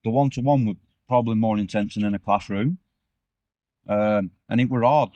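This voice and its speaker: A man's voice: lowish voice, moderate pace, warm tone, no room sound. A man, a former prisoner as interview guest, telling his story candidly with rambling restarts. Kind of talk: casual interview chat.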